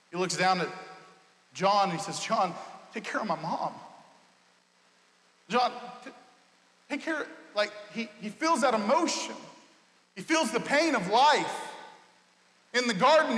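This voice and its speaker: A man's voice: very high-pitched, pushed and bright. A male pastor preaching a sermon in a passionate, conversational way. He often restarts and repeats his words, and his voice echoes through the church hall. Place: church sanctuary.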